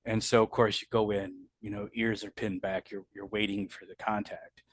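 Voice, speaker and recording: A man's voice: on the low side, level tone, moderate pace, no room sound. A middle-aged man, a combat veteran, telling his war memories in an interview, blunt and profane, with many restarts. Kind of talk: candid storytelling interview.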